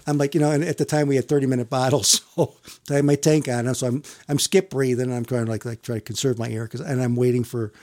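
Telling an interview story, this middle-aged firefighter wanders and hesitates, repeats words, and chuckles frequently. His medium-pitched voice stays steady and is a little mellow.

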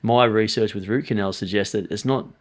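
Man, low voice, blunt, animated storyteller, podcast guest. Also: a little fast. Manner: animated, blunt, swears freely. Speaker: strength coach guest.

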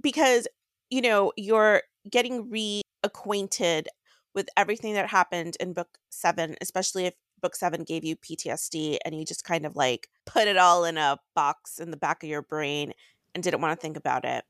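A woman co-hosting a book podcast in casual chat, with a deadpan delivery. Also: lowish voice, moderate pace, no room sound, clean studio sound.

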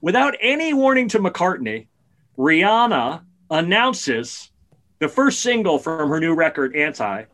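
A man on a podcast, telling a long story in a casual, animated way. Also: fairly high pitch, measured pace. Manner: animated storyteller, gets excited and loud at punchlines. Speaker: podcast co-host. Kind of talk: casual chat.

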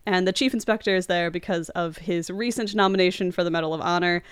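Smooth-voiced woman chatting on a podcast. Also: fairly low pitch, fairly even intonation, dry recording. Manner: chatty, giggly, recounts scenes with quick asides. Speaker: podcast host. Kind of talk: casual chat recapping a film.

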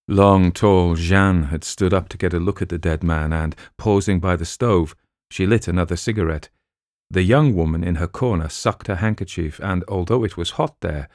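A man reading a crime novel aloud in a measured way, with the odd filler sound. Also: low voice, a little mellow, no room sound, clean studio sound. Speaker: audiobook narrator.

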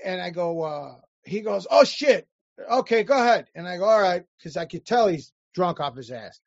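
A man telling animated, profane stories in casual chat, acting out the people he quotes. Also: high-pitched, moderate pace, creaky, no room sound, muffled recording. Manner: animated anecdotes, profane, acts out quoted voices.

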